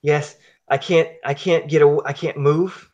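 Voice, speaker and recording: A man's voice: a little high, steady tone, a little slow, darkish tone, highs cut off, close to an everyday voice. Man voicing a panicked captive man. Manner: panicky, broken phrases. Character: panicked frightened homeless man held captive.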